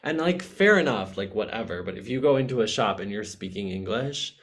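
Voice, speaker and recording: Brief: crude, jokey male co-host, lower voice, loose casual chat. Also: expressive. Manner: blunt, crude and jokey, with quick swings in loudness. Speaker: comedy podcast co-host.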